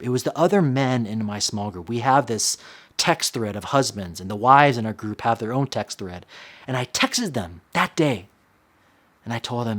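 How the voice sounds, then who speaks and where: A pastor in his thirties makes a personal confession, speaking earnestly but haltingly and repeating words as he hunts for them. His voice is medium in pitch.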